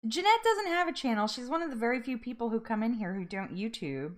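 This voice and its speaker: A woman's voice: a little high, lively intonation, fast. A woman hosting a live-stream chat, bubbly and effusive, laughing often and getting emotional. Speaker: livestream host.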